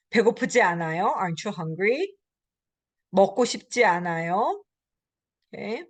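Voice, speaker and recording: A woman professor giving a recorded language lecture. She explains with many fillers and acts out example phrases. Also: mid-range voice. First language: Korean. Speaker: college Korean language professor.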